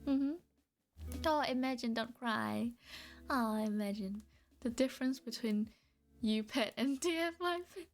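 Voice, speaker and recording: A woman's voice: on the high side, a little slow, long pauses. A woman streamer chatting casually and playfully with her viewers, teasing and often giggling. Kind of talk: casual live-stream chat.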